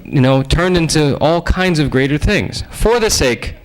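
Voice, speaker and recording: Give me a man with a somewhat high voice giving a joking, conversational sermon-style lecture. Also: a little slow, poor audio. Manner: conversational, joking, lively asides.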